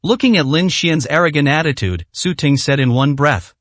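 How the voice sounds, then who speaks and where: A man narrating a dramatic story in a scripted, expressive reading. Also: fairly high pitch, moderate pace, no echo.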